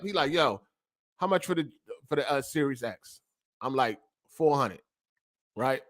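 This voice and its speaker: A man's voice: a little high, a bit bright. A young man hosting a gaming podcast, ranting casually in heavy slang and profanity. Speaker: podcast host.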